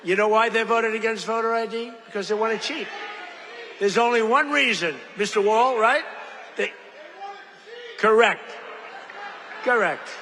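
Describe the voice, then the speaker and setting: A man speaking at a rally in a rambling, digressive way, repeating phrases and tossing jokey asides to the audience. His voice sits high for a man and has a forceful, bright edge. The sound carries a long reverb from a large hall, with faint noise underneath. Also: measured pace, pauses often, a faint crowd. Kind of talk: off-the-cuff rally speech.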